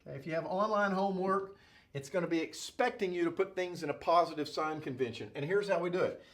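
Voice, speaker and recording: A man's voice: high-pitched, fast talker. A male engineering instructor giving a classroom-style lecture at a whiteboard, playful and jokey, checking in with "okay?" and "right?" all the time.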